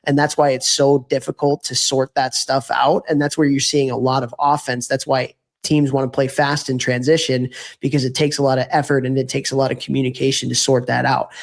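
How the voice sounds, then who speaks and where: A man's voice: medium pitch, level tone, a little fast, gravelly, hardly any pauses. A man co-hosting a podcast, chatting casually about hockey tactics and correcting himself often as he explains. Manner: rambling, self-correcting, explanatory. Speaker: podcast co-host.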